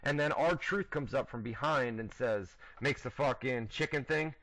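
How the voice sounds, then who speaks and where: A man's voice: medium pitch, a little slow, background noise. Brash male radio co-host, crude and jokey, loose and rambling, talks into a headset. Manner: laughing, swearing, rambling recaps with fillers. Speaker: wrestling radio show host. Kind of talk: casual crude banter. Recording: internet radio show.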